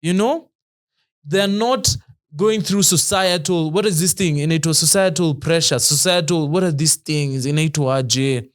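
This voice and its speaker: A man with a Kenyan accent co-hosting a podcast, a lively storyteller who often laughs and mixes slang into casual chat. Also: a little high, a little slow. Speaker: podcast co-host.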